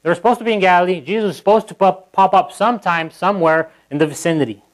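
In church, a pastor with a somewhat high voice delivers a quick-paced, casual sermon on a rough recording. He often restarts sentences and turns to the congregation with asides, acting out quotes in a livelier voice.

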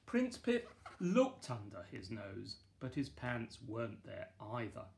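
A man, the author, reading his children's picture book aloud in a playful, lively way with bursts of excited exclamations. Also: medium pitch, takes it slowly, creaky, slight background noise. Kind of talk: children's storybook read-aloud.

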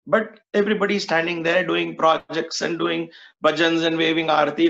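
A man's voice: fairly high pitch, little pitch movement, normal speed, gravelly, fairly bright tone. A man telling a spiritual story in an earnest, musing way, repeating words for emphasis. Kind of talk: reflective storytelling talk. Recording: dull lo-fi recording.

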